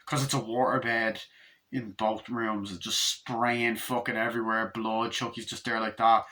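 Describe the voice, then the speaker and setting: Excitable, swearing young man recapping a film. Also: fairly low pitch, moderate pace. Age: 20s. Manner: excitable, profane, rambling. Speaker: movie reviewer.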